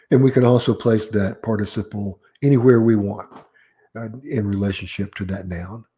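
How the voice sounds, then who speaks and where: Guy teaching a writing lesson, lowish warm voice, careful step by step explaining. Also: steady tone. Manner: deliberate, explains step by step, reads example sentences aloud. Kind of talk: recorded grammar lesson.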